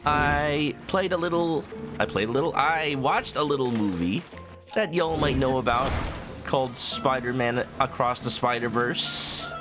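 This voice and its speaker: A man's voice: mid-range voice, a little slow. A man casually commenting while streaming a video game, playful and joking, rambling with little stammers, with game music behind him.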